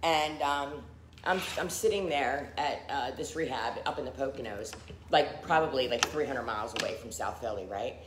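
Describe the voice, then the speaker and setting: Woman, middle-aged, low voice, candid testimony, roomy echo, faint noise. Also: moderate pace. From Philadelphia area. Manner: candid, frequent fillers, acts out quoted people. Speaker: recovery testimony speaker. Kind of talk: personal testimony.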